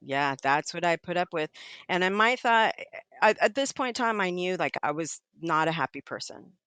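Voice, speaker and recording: Woman, middle-aged, podcast guest, candid storytelling, animated, bright tone, dry close sound. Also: on the low side, normal speed, clear, resonant tone, no room sound. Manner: animated, acts out quoted voices.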